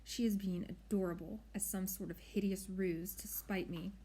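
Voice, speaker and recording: A woman's voice: mid-range voice, a little fast, dark tone, lightly acted. A woman voicing a grumpy, ancient male swamp monster who speaks in a stern, stiffly formal way.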